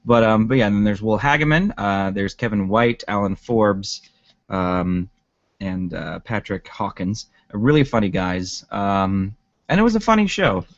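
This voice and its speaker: A man's voice: lowish voice, lively intonation, unhurried, no echo, lo-fi sound. A man co-hosting a podcast in casual chat, rambling with lots of fillers and laughs. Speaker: podcast co-host.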